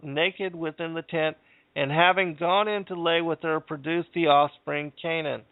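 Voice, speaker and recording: Male host, measured reader-commentator, slightly high voice, dry tinny phone-line audio. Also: clear, resonant tone, no room sound. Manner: measured, reads passages aloud with pauses. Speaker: podcast host. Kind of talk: reading and commenting on scripture.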